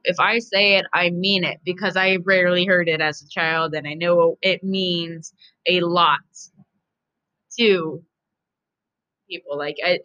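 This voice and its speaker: A woman's voice: mid-range voice, sharp tone, clean tone, dull audio. A woman hosting a podcast, talking in a casual, profane, emphatic and rambling monologue. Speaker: podcast host.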